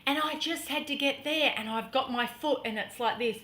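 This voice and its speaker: A middle-aged woman vlogger telling a personal story in an earnest, dramatic way, sometimes dropping to a hush. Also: high-pitched, normal speed. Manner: earnest, dramatic storytelling that drops to hushed tones.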